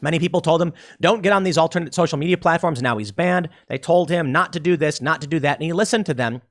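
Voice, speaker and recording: A man giving casual solo political commentary, animated and quick to slip into mocking voices. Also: a little high.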